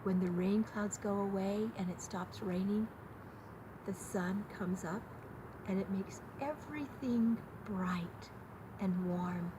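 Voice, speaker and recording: An older woman hosting a gentle talk to her grandchildren, speaking tenderly in simple words for small children. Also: mid-range voice, slow pace. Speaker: host. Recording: steady background noise.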